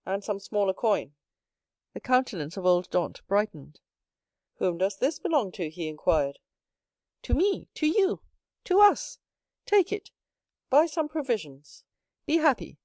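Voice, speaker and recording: A woman's voice: darkish tone, dry recording. Female audiobook narrator, mid-range voice, dry booth sound, acts out each character. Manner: reads every character herself, lifting her pitch for the young hero. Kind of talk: scripted narration.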